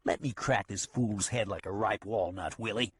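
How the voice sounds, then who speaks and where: A man voicing a big, gruff outlaw who bullies and taunts, snarling his lines in an audiobook. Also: fairly low pitch, normal speed, a little hiss or hum, lightly acted. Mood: taunting.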